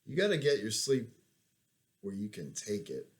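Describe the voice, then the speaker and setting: A man's voice: lowish voice, wildly swooping pitch, normal speed, slight background noise. A man reading aloud and voicing a cool, unflappable soldier who brushes off worry. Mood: dismissive. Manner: laid-back, dismissive. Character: calm unflappable male soldier.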